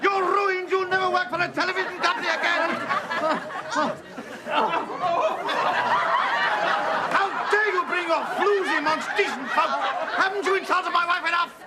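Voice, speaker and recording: Pompous blustering tv boss, sitcom with a noisy studio audience behind him. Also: male voice, high voice, very animated, over a noisy crowd. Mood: furious. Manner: huffy, outraged, quick to take offence. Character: pompous blustering male TV executive, indignant. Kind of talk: 1980s studio sitcom acting. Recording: sitcom taped before loud studio audience.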